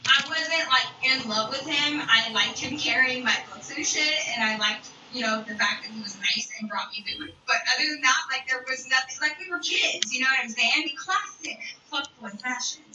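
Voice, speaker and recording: Young woman, blunt profane storyteller, fairly high voice, roomy distant mic, video audio behind. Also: moderate pace, hardly any pauses, lo-fi sound, background noise. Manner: blunt, profane, animated, drops to whispers. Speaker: live streamer. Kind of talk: storytime monologue. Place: home room. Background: a video playing in another room.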